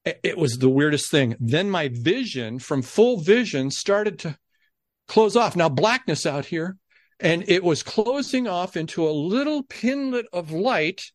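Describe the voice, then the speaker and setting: A man who is a guest on a podcast, telling a story in a casual, animated way and acting out the people he quotes. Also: sits high, a little slow, dry recording, studio quality.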